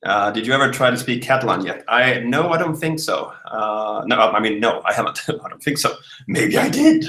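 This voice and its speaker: A man's voice: on the low side, a little fast, sharp tone, echoey room, low-quality recording. A man in his thirties from Malmö with a southern Swedish accent, chatting casually on a livestream and reading out viewer comments, with lots of uhs and laughs. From Sweden. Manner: chatty, laughing, thinks aloud with many uhs. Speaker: livestream host.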